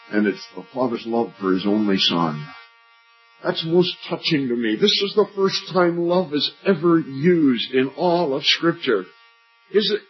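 An older man preaches an earnest evangelistic sermon at a meeting. His voice climbs high when he asks questions and sinks low and quiet on the key lines. The recording is dull and lo-fi, with faint music underneath. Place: church meeting.

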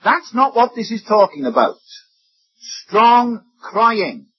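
Husky, high-voiced male preacher. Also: sing-song, slow. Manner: emphatic, swings between rising and dropping voice. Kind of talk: sermon. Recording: dull lo-fi recording.

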